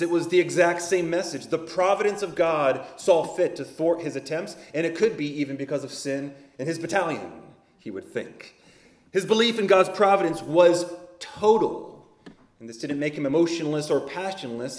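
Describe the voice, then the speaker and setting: A man preaching a sermon as pastor, building emphatically on key words and then dropping to a soft, low delivery. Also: reverberant.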